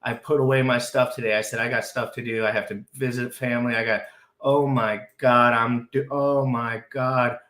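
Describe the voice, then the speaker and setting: A man hosting a live crypto stream, talking frantically, overexcited, with shouts and repeated phrases. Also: medium pitch, level tone, moderate pace, echoey room. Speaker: crypto livestream host. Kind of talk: excitable live stream chat.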